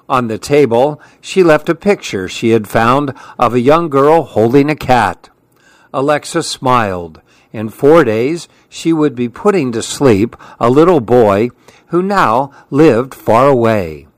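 A man hosting a radio children's story hour, reading picture books aloud in a gentle, friendly manner. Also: medium pitch, expressive, unhurried, no room sound.

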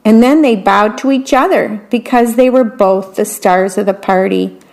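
A woman's voice: medium pitch, moderate pace, creaky, a little mellow. A woman reading a picture book aloud, stopping to comment on what each picture shows. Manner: adds chatty commentary on the pictures. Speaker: story reader.

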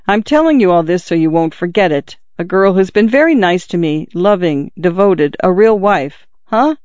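A man's voice: high voice, lively intonation, moderate pace, a little mellow, no room sound, lo-fi sound. A man voicing a wounded, dying middle-aged father who speaks earnestly and urgently to his son while out of breath. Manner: urgent, confiding, pleading. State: in pain, out of breath.

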